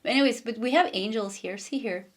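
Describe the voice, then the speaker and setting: A woman's voice: a little high, fast talker. Chatty woman reading tarot. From Sweden. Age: 40s. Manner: chatty, laughs often, wanders off mid-sentence. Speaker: tarot reader.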